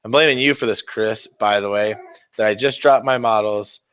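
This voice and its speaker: A man's voice: fairly low pitch, normal speed, a bit bright, clean tone, dull audio. A man hosting a casual miniature-painting livestream, rambling and swearing in a self-mocking way as he talks to viewers. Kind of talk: casual live-stream chat while painting.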